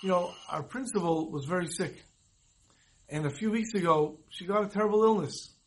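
A man voicing an eager teenage girl who rushes through her good news, inside a spoken sermon story. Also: sits high, close to an everyday voice, poor audio. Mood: excited. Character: teenage girl, excited and relieved.

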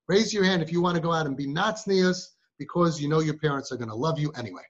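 A man's voice: on the high side, quick pace, few pauses. A man who guides families, giving a live talk to a group of girls and firing rhetorical questions at them. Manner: rhetorical, fires questions at the audience. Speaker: parenting guide addressing siblings. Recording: muffled recording.

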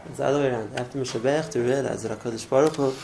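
A man's voice: mid-range voice, fairly even intonation, rapid-fire, vocal fry, darkish tone, slight background noise, poor audio. A man teaching a religious class in an earnest way, often repeating words and restarting his phrases. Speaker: Torah teacher.

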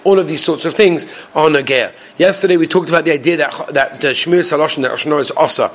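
A man teaching a Torah lesson to a class, animated and quizzing his students. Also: a little high, quick pace. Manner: animated, asks the class questions.

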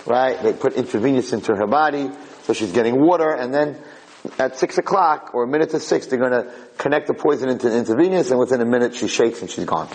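A male lecturer tells a dramatic story with a mid-range voice. He is animated and slips into the voices of his characters as he goes. Faint noise sits under the recording. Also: mid-range voice, poor audio.

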